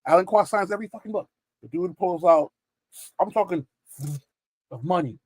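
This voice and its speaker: A man hosting a live comic auction stream, telling stories in an animated way and swearing freely. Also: high-pitched, normal speed, no room sound, rough recording. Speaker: comic shop stream host. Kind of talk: casual live auction chat.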